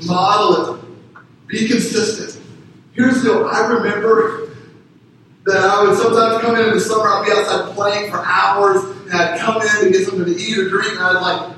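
A man with a fairly high voice preaches a sermon, earnest and exhorting, repeating his calls to the congregation. His voice carries in a very echoey church sanctuary, picked up from a distance. A faint hiss of noise sits under it. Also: bright, forceful tone. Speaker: pastor.

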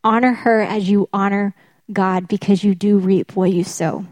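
A woman's voice: mid-range voice, steady tone, normal speed, darkish tone, dry recording. A woman preaching a sermon, emphatic, often repeating her key phrases for weight.

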